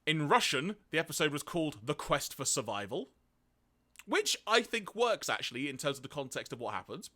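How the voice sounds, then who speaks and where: A man's voice: fairly high pitch, very animated, fairly quick, pushed and bright. A man co-hosting a casual podcast, reading out notes on an episode and laughing often. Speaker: podcast co-host.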